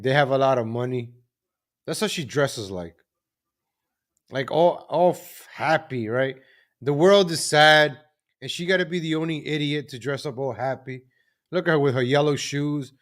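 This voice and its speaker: A man hosting a live political commentary show, mocking what he watches in a sarcastic running commentary. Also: mid-range voice. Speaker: host.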